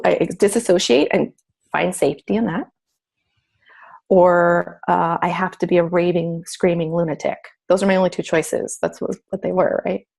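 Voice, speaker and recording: A woman's voice: on the low side, darkish tone. A middle-aged woman telling a personal story in casual talk, acting out her own inner voice. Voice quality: gravelly, husky. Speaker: guest.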